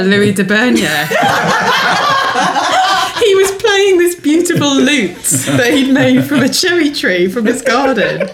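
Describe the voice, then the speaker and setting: A woman telling an anecdote with laughter. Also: fairly high pitch. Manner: storytelling, laughing. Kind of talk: casual chat. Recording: loud background noise.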